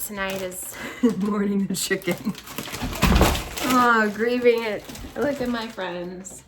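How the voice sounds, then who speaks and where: A woman's voice: medium pitch, slow, very noisy. A tired woman talking in a casual video diary from her home kitchen, rambling and emotional, laughing through sadness. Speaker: vlogger recovering from surgery.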